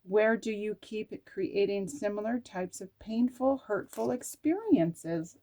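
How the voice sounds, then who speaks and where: Unhurried, a middle-aged woman works through her oracle cards, reading their words aloud and chatting to herself between them. Her tone is earnest and candid, with the odd casual curse. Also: mid-range voice, animated, darkish tone. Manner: chatty, talks to herself while reading card texts aloud. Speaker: oracle card reader. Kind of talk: casual spiritual card-reading vlog.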